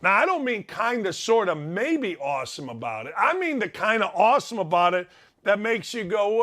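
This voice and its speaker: A middle-aged man talks in a casual, excitable monologue on a sports show. His voice sits fairly high, and he tells stories at his own expense, repeating lines for comic effect. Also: normal speed. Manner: excitable storyteller, self-mocking, repeats phrases for effect.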